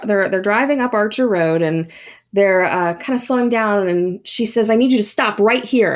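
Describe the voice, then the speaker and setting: A woman hosting a podcast, telling a ghost story in a casual, chatty way with many fillers and asides. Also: mid-range voice. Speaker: podcast host.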